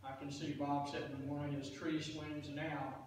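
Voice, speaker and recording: Guy cracking jokes in a eulogy, slightly high voice, big echoey church, far mic. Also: level tone, moderate pace, noisy background. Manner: joking, folksy, laughing asides. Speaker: eulogy speaker. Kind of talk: storytelling eulogy. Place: church pulpit. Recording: echoey room from a distant mic.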